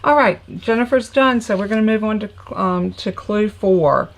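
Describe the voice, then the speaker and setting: A middle-aged woman with a friendly Southern North Carolina accent, talking viewers through a crafting project live from her home craft room. She chats in a folksy, unhurried way, calling her audience y'all and filling pauses with ums. Her voice sits at an ordinary middle pitch for a woman. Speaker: crafting livestream host. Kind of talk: casual live tutorial chat.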